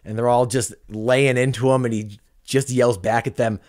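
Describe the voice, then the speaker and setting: A man's voice: medium pitch, steady tone, moderate pace, a little mellow. Joking male podcast host. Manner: jokey, laughs at his own jokes. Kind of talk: casual podcast chat.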